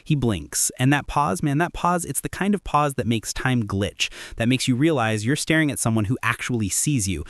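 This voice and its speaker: A man reads a first-person story aloud in a casual, wry, chatty manner. His voice sits at an ordinary middle pitch, and the recording is close and dry with no room sound. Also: lively intonation, normal speed, few pauses, a bit bright, dry recording. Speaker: narrator.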